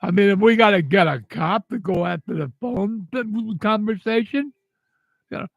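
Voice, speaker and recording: Tearful older man, high gravelly voice. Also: dry recording, lo-fi sound. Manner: halting, repeats words, angry and grieving. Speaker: vlogger. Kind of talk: emotional personal monologue.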